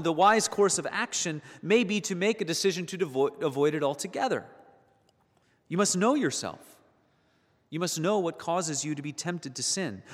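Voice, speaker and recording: A man's voice: on the high side, fairly bright tone. Earnest male preacher in a reverberant hall. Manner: earnest, building to emphatic peaks on key points; repeats words while searching for phrasing. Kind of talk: sermon.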